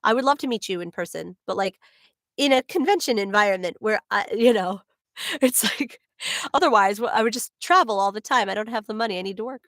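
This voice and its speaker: A woman's voice: mid-range voice, fairly quick, fairly bright tone, dry recording, studio quality. A voice actress with a New Jersey accent chatting casually with viewers on her livestream, bubbly and full of laughs and "like"s. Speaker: voice actor hosting a signing stream.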